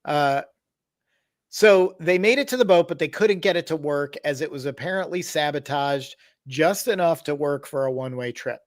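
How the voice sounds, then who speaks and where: A man's voice: fairly high pitch, moderate pace. A man hosting a podcast, casually telling a tabletop horror story with wry asides and explanations. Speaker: podcast host.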